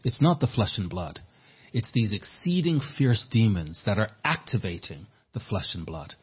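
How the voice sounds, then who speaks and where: Male pastor, husky and earnest, repeats words mid-sermon; muffled, lo-fi capture. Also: lowish voice, expressive, normal speed. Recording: dull lo-fi sermon recording.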